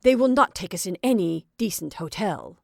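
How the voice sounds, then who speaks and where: A woman voicing an excitable, sulky young male traveller in a dry, close recording. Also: mid-range voice, moderate pace, vocal fry, dry recording. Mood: grumbling. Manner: agitated, sulky. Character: excitable, grumbling young Frenchman travelling companion.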